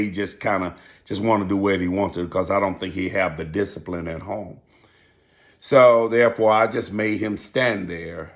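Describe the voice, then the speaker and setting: An older man, a school teacher and channel host, telling a story in a calm, measured, preachy way. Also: lowish voice. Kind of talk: casual talk to camera.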